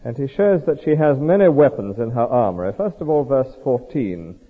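Husky-voiced preacher in an echoing hall. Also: male voice, mid-range voice, moderate pace. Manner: lively, explanatory, reads verses aloud and comments on them. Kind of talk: expository sermon on scripture. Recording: tinny lo-fi recording in a reverberant hall.

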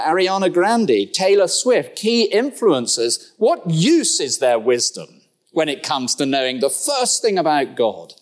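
A middle-aged man preaching a sermon, conversational and lively, with rhetorical questions and humorous asides. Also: on the high side. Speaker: pastor.

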